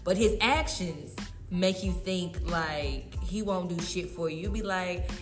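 A woman's voice: on the low side, unhurried, reverberant, over music. A woman co-hosting a casual podcast chat, blunt and swearing freely. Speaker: podcast co-host.

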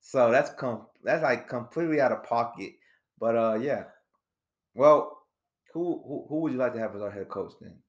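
A man's voice: mid-range voice, moderate pace. A man in his forties hosting a podcast, chatting casually in a jokey, rambling way. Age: 40s. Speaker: podcast host. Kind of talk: casual chat.

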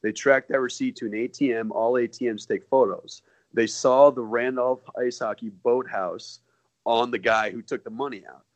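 A man's voice: mid-range voice, fairly even intonation, moderate pace, no room sound, low-quality recording. Dry-sounding man telling a casual story. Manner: loose, swears, restarts phrases often. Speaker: podcast co-host.

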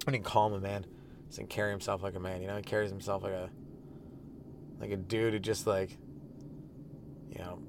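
A man's voice: fairly low pitch, slight background noise. A man hosting a podcast as a stand-up comedian, riffing crudely and rambling through jokes in a casual monologue.

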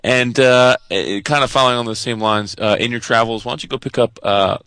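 A man's voice: medium pitch, fairly quick, fairly bright tone, smooth, dry recording. A man co-hosting a comics podcast, chatting casually in a matter-of-fact, slightly pedantic way. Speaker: podcast co-host. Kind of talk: casual chat.

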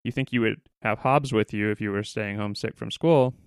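A man's voice: fairly low pitch, moderate pace, clear, resonant tone, no room sound, studio quality. A man hosting a solo podcast, talking casually with a grumbling, irritated, self-mocking edge. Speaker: podcast host.

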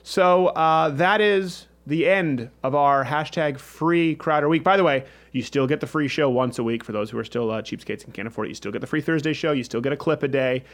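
A man's voice: a little high, fairly quick, few pauses. Jokey, rambling male show host. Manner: rambling, jokey, with frequent restarts. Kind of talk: casual studio show banter. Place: studio.

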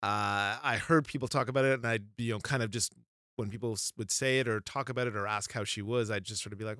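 A man's voice: medium pitch, quick pace, dry recording, studio quality. A man in his thirties, a podcast co-host, chatting casually and telling rambling stories about parenting a toddler, acting out the quotes as he goes. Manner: rambling, animated storytelling with acted-out quotes. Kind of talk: casual chat.

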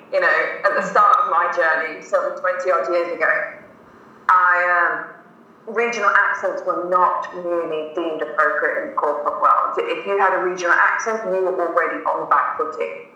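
A woman's voice: fairly low pitch, normal speed, pushed and bright, distant mic. A woman in her forties from the English Fens, chatting as a podcast guest in a rambling way. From East Anglian Fens, England. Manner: chatty and rambling, with many fillers and restarts. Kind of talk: casual podcast conversation. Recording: echoey room, off-mic, slightly dull.

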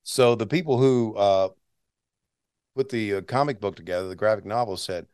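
In a relaxed interview, a man in his sixties who's a longtime announcer shares stories as a guest, with chuckles and restarts along the way. He speaks at a moderate pace in a lowish, smooth, slightly mellow voice, recorded dry with clean studio sound.

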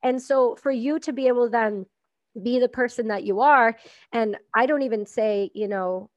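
A woman's voice: a little high, normal speed, no echo, lo-fi sound. A woman hosting a podcast, talking in an effusive, encouraging and frank way. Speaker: podcast host. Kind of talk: casual podcast chat.

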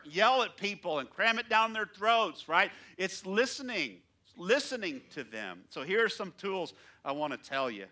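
A man who is a pastor, preaching a sermon in church, swinging between loud emphatic lines and soft, quiet asides. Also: sits high, very animated, moderate pace.

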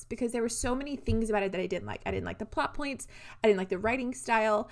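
A young woman co-hosting a casual book-club podcast who rants in an animated way and swears freely. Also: on the high side, fairly quick. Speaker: podcast co-host.

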